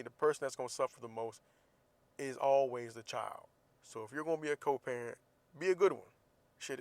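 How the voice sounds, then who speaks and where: A man's voice: mid-range voice, no echo. A man in his thirties hosting a casual podcast, telling a teasing story and acting out the dialogue, then giving earnest advice. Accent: US Southern. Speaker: podcast host.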